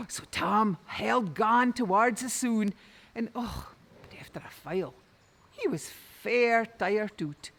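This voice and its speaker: A woman with a Doric Scots accent telling a traditional folk tale in rich dialect, lilting and expressive. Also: mid-range voice, takes it slowly, gravelly. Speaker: storyteller. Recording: long reverb.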